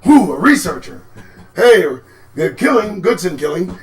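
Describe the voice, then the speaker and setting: A man hosting a live commentary show, talking in a sarcastic, profane way and swinging from low mutters to sudden shouts. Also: big pitch swings, normal speed. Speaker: host.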